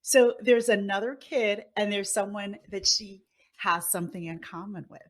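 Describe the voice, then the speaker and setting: A woman interviewer in a relaxed conversation, her voice mid-pitched and plain. She listens closely, chiming in with short encouraging replies and praise for her guest. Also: moderate pace. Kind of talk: casual interview chat.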